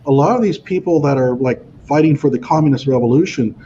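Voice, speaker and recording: A man's voice: medium pitch, quick pace, dark tone. A man in a casual discussion, speaking in an emphatic, opinionated way. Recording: dull lo-fi audio with faint noise.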